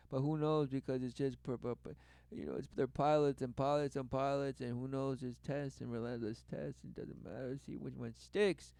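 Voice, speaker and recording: A man giving religious commentary over clips, repeating rhetorical questions and swinging between loud bursts and low mutters. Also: fairly even intonation, normal speed, gravelly, few pauses, smooth, no echo. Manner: repetitive rhetorical, keeps asking "who knew". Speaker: online commentator.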